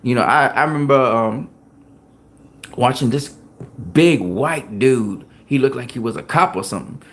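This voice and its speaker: Profane, animated man telling gym stories. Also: medium pitch, moderate pace, slight background noise. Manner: profane, animated storytelling with frequent laughs. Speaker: boxing show host. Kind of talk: casual chat.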